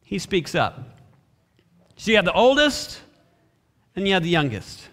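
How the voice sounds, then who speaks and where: An unhurried, high-voiced pastor delivers a sermon in a reverberant hall. Reading scripture, he preaches expressively and briefly performs the voices of biblical characters.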